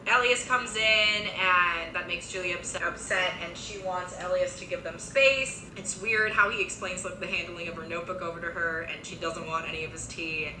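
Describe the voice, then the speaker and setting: A young woman casually recapping a TV series, chatty, with quick asides and lots of filler words. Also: lowish voice, fairly even intonation, roomy sound, noisy background.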